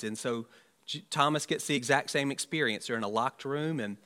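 Bright-voiced man preaching conversationally. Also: medium pitch, fairly quick. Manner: conversational, musing, with rhetorical asides. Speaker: pastor. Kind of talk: Easter sermon.

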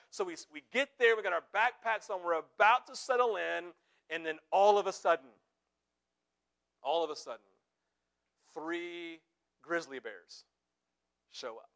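A pastor preaching a conversational sermon, often checking in with his listeners with quick tag questions. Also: high voice, creaky, fairly bright tone.

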